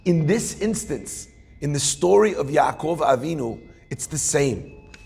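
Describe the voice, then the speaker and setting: A rabbi telling a story in a sermon, animated, acting out characters with punchy asides. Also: male voice, on the high side, a little slow, gravelly, slightly rough.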